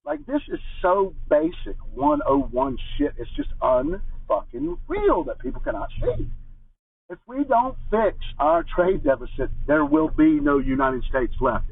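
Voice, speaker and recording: A man's voice: fairly high pitch, slightly rough, no echo. A man delivering an angry, profane political rant in a ranting monologue style. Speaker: political commentator. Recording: muffled phone-like audio from far from the mic.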